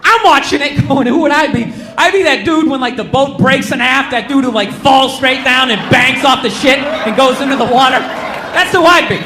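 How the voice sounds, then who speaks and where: A man doing a stand-up comedy set in front of a crowd, ranting loudly and sarcastically, often shouting. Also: extremely high pitch, expressive, moderate pace. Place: comedy club stage with a laughing crowd. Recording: echoey room with crowd noise.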